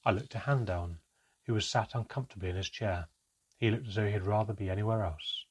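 A man reading a storybook aloud, with steady first-person narration. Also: on the low side, a little fast, a little hiss or hum.

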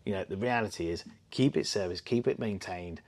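Man telling stories, low voice. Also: brisk. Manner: storytelling, animated with quoted voices. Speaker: podcast co-host. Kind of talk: casual chat.

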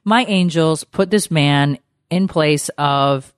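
A middle-aged woman telling a story in casual chat, animated, swearing freely and acting out what people said. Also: sits low, slow, smooth, dry recording, clean studio sound. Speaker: podcast host.

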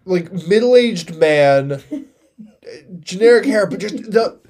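Podcast guy dropping dry one-liners, high voice that jumps around a lot. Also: expressive, a little mellow. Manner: wry, quick quips. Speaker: podcast co-host. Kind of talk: casual chat.

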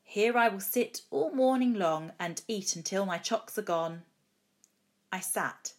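A teacher reading a comic rhyming poem aloud with a lively, expressive rhythm. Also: female voice, mid-range voice, measured pace.

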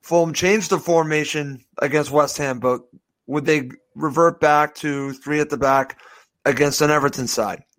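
Man, host, voice a bit high, casual questions and short agreements. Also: steady tone, normal speed, a bit bright. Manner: asks questions, brief agreements. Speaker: podcast host. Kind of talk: casual chat.

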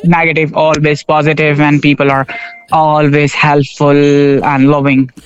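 A man's voice: fairly high pitch, flat delivery, a little slow. Hesitant man on muffled radio. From Pakistan. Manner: hesitant, searching for words with many fillers, laughs easily. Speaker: railway station shop worker interviewed as guest. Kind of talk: casual radio interview.

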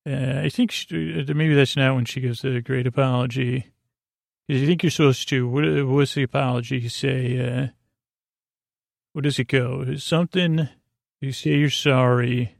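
A man hosting a sleep podcast, recapping an episode in a rambling, halting way with many filler sounds. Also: creaky, no echo, clean studio sound. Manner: low-key, flat and meandering. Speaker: podcast host.

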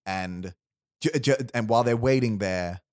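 A man with a lowish, darkish voice tells friends an invented movie story at normal speed, rambling, starting over, and voicing the characters' lines. It's a casual chat captured in clean studio sound without echo.

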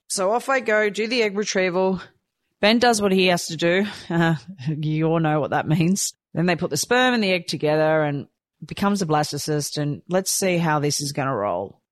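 Her voice sits on the low side and moves at a normal pace, captured in clean studio sound without room noise. Sharing a personal experience, this storyteller speaks candidly and animatedly, voicing her own thoughts as though quoting them.

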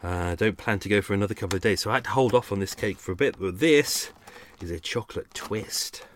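Speaking quickly in a lowish, slightly bright voice, a man rambles through an unscripted, self-mocking podcast monologue at home and wanders away from the mic to make tea. A little hiss or hum runs under the recording.

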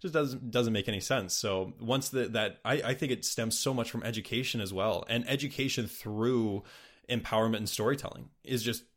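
A man's voice: mid-range voice, moderate pace. Casual young-sounding podcast host, man. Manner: casual, animated, lots of "like". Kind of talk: podcast interview.

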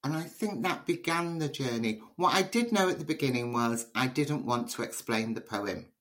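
A woman's voice: extremely low pitch, normal speed. Chatty woman telling stories. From Liverpool, England. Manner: chatty, storytelling, animated. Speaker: poet, interview guest. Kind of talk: conversational interview answers.

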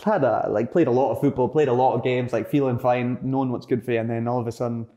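The young Scottish footballer speaks fast at medium pitch, with fairly even intonation and a warm tone. As an interview guest he tells stories casually, rambling with fillers, restarts and corrections.

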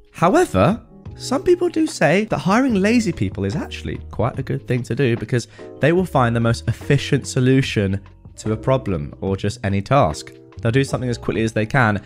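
A man reading reddit posts aloud and adding wry comments, with faint music behind him. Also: medium pitch. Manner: wry, animated commentary with frequent laughs. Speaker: reddit storytime host.

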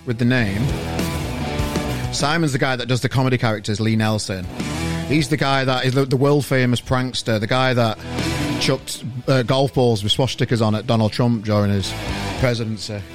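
A man with a Northern English accent from Sheffield hosts a casual podcast chat from his bedroom over a video call. He talks in a friendly, matey way, tripping over his words and restarting. Guitar music plays clearly underneath. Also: medium pitch, fairly even intonation, moderate pace. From Sheffield, England. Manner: chatty, stumbling restarts, matey. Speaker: podcast host. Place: bedroom at home. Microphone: online video call.

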